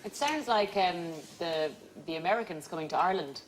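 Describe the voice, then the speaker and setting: Low-voiced, teasing female panelist. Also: animated. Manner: chatty, teasing, quick with jokes. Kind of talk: comic panel show banter. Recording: loud background noise.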